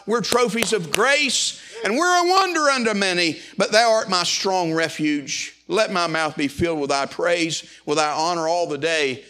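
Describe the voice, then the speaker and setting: A middle-aged man preaches with fervor, his voice pitched high and ringing bright. He stumbles over and repeats words as he presses his points, building to raised passages before dropping back. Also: expressive, normal speed, few pauses. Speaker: pastor. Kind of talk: sermon.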